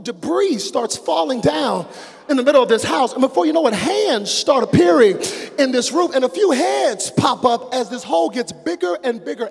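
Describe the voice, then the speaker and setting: A male preacher with a very high, husky voice delivers a lively sermon, dropping low for storytelling and then shouting. His words carry a long reverb in a large church hall. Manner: animated, swings between hushed storytelling and shouting.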